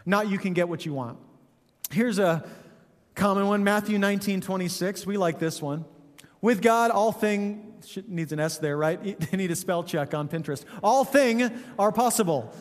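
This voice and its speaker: A man's voice: high-pitched, steady tone, moderate pace, long reverb tail. A man, a pastor, preaching a sermon in a conversational, joking way, often asking "right?".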